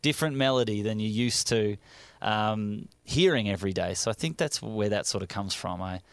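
A man's voice: on the low side, moderate pace, creaky, clean tone, dry recording. Aussie comedian guy chatting in a studio, dry close sound, cracks jokes at himself. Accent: Australian. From Australia. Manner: jokey, self-mocking storyteller. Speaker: comedian guest. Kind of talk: casual interview chat. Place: radio studio.

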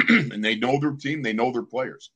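An older man, a former pro football player, telling lively sports stories on a casual podcast. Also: medium pitch, moderate pace, slightly rough. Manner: animated storyteller, acts out other people's lines.

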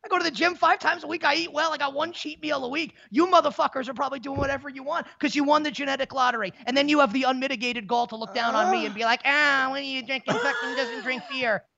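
A man in his thirties talking in casual sports-betting banter, in a rapid, profane, stammering rant. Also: extremely high pitch, steady tone, creaky, pushed and bright. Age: 30s. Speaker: co-host. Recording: dull lo-fi audio.

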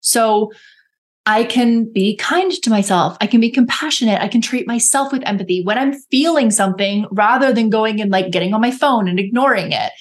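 A woman's voice: a little high, normal speed. A woman coach talking earnestly in a casual podcast conversation, often acting out her own inner dialogue in quoted voices. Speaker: guest coach.

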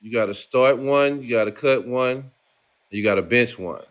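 A man co-hosting a podcast, easygoing and slangy, quick to chime in and agree. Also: medium pitch. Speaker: podcast co-host. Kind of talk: casual interview chat.

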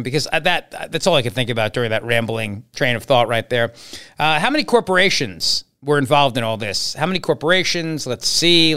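A man's voice: medium pitch, pushed and bright, smooth. A man hosting a political talk show, commenting sarcastically on played clips with mocking asides. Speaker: political podcast host.

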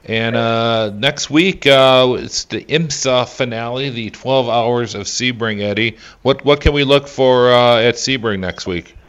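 A man's voice: medium pitch, a little slow, hardly any pauses, a bit bright, clear, resonant tone, muffled recording. A man hosting a sports radio show, talking casually with many fillers.

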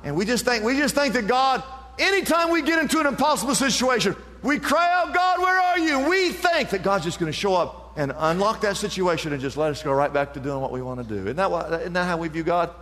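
A man's voice: high voice, expressive, fast, fairly bright tone, big-room sound. A male pastor preaching an impassioned sermon, building each point to a repeated refrain.

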